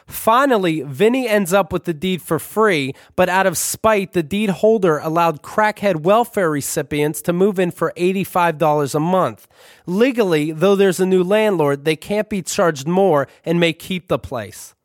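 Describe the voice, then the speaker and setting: A man's voice: high voice, a little slow, no echo, clean studio sound. A man narrating his own memoir with wry, profane, conversational humor. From Brooklyn, New York.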